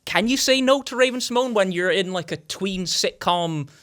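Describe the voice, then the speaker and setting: A young man with a notably high-pitched voice tells a long story as a podcast guest. He rambles, stacks up fillers and gets animated as the tale builds. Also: normal speed, smooth. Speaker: podcast guest, indie filmmaker. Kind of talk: casual anecdote telling.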